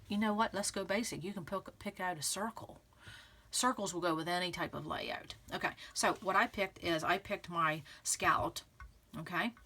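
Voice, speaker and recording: A chatty woman walks her viewers through a craft project in an easy, encouraging way, circling back with lots of "okay" and "again." Her voice is bright and forward, set at a middling pitch for a woman. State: clearing throat from pollen. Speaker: scrapbooking channel host. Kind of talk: casual craft tutorial talking to viewers.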